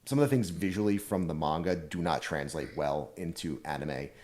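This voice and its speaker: A man co-hosting an anime podcast in casual chat, laying out his points in a measured, orderly way. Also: a bass voice, darkish tone. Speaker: podcast co-host.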